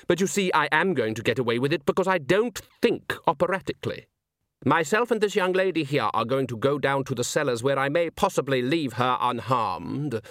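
A man's voice: medium pitch, expressive, brisk, fairly bright tone, no echo, studio quality, lightly acted. A man voicing a suave, scheming villain who speaks in a precise, mocking, mannered way. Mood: sneering. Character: suave scheming male villain, smug and theatrical.

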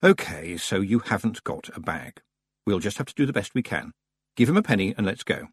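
A man voicing a sharp, blunt young witch girl who talks briskly and forcefully. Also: lowish voice, sing-song, breathy edge, dry recording. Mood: impatient.

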